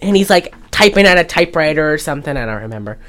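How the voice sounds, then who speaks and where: A woman's voice: low voice, animated, rapid-fire, fairly bright tone. A woman co-hosting a podcast, retelling a movie in a loose, rambling way full of fillers. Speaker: podcast co-host. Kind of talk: casual movie recap chat.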